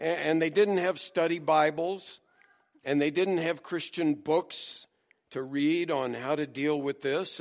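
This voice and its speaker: A male pastor preaching a sermon in a conversational storytelling manner. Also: a little high. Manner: conversational storytelling, acting out quotes.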